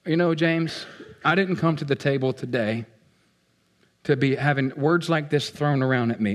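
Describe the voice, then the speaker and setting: Animated male preacher, fairly high voice. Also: moderate pace. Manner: animated preaching, swings between loud outbursts and hushed asides; playful, acts out what people feel. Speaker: pastor. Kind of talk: sermon.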